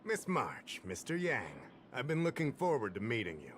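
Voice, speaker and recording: A man's voice: medium pitch, sing-song, moderate pace, a little hiss or hum, lightly acted. Man voicing courteous game official. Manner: courteous and formal. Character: polite male official hosting investigators. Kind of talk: game voice acting. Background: game music.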